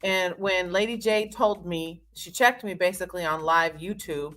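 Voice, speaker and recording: A woman's voice: fairly low pitch, normal speed, a bit bright, soft background music. Woman cohost, chatty and self-mocking, laughs a lot, calling in remote. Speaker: co-host. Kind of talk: casual chat. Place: remote call from abroad.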